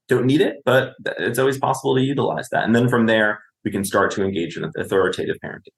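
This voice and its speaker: This podcast guest, a male clinician, discusses parenting conversationally, acting out a parent's words and often asking "right?". His voice is mid-range and creaky, he talks fast with hardly any pauses, and the room is echoey.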